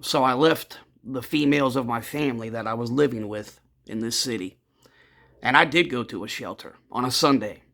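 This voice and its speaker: A man telling his own story in a casual, rambling and blunt way, cursing freely and addressing his listeners as gentlemen. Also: medium pitch, normal speed, creaky.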